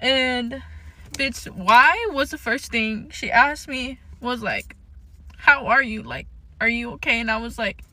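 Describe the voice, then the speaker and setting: A woman's voice: fairly high pitch, slow, bright, forceful tone. A young woman in a confessional vlog, tearful and shaky, rambling with many fillers and swear words. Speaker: vlogger.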